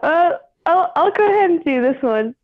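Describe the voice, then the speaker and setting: A woman's voice: very high-pitched, expressive, moderate pace. A woman calling in to a comedy podcast, shy and giggly. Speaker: caller. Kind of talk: phone-in call. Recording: tinny phone line.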